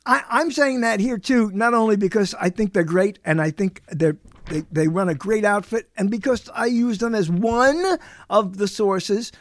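A man's voice: high voice, normal speed, no echo. A man hosting a live talk show, chatting in a rambling, digressive way and often breaking off mid-sentence. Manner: digressive, chatty, self-interrupting. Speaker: radio show host. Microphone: studio microphone.

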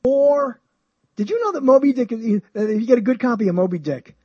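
A man hosting a show, talking about books in a rambling, animated way, often chuckling and swinging his pitch high and low. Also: a little fast, husky, dry recording, lo-fi sound. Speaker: show host. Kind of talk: rambling radio-style talk about books.

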